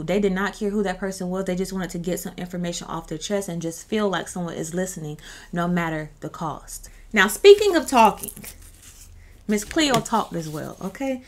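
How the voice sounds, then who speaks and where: A woman giving casual, chatty commentary on her channel, full of sassy asides. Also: mid-range voice. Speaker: YouTube commentator.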